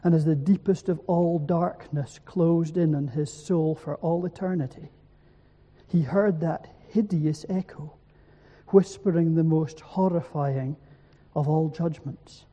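Slow, solemn preacher with a dark voice. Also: male voice, a little high, steady tone, in a large hall. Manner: slow, solemn, emphatic repetition. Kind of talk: evening sermon.

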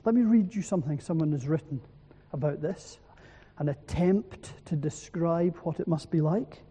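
A man preaching an evening sermon in a church, slow and solemn, using emphatic repetition. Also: on the high side, warm tone, husky, long reverb tail.

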